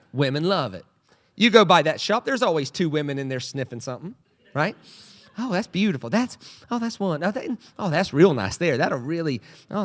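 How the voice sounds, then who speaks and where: A male pastor preaching a humorous sermon in a church, telling stories with playful comic voices. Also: a little high. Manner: animated storytelling with comic voices. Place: church sanctuary.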